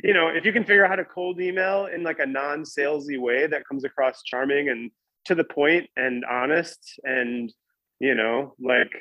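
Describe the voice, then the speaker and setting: A man's voice: medium pitch, no room sound, muffled recording. A man casually telling a long story as a podcast guest, rambling with lots of "like" and restarts.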